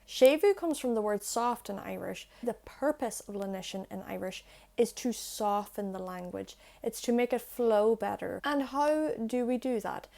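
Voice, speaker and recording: A young woman explaining pronunciation to camera on her language channel. She is chatty and self-deprecating, and she slows right down to demonstrate sounds. She is recorded on an earphone mic plugged into her phone. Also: mid-range voice, a little mellow. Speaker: language-learning YouTuber.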